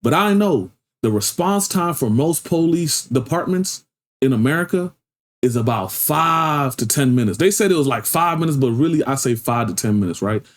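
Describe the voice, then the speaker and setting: A man's voice: fairly high pitch, lively intonation, normal speed. A man hosting a reaction video, telling a story in casual street slang and peppering it with "you feel me". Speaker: reaction channel host.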